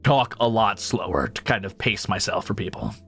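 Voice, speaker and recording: A man's voice: on the low side, creaky, faint music behind. A man streamer with a faint Midwestern American accent, chatting casually and rambling with viewers. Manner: rambling, animated, quick asides and laughs.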